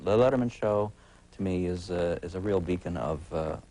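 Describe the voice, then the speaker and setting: A man in his forties, a TV critic guesting on a talk show, speaking in a halting, wry way full of uh's and restarts. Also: deep voice, mellow, poor audio. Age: 40s. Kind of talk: casual talk-show conversation.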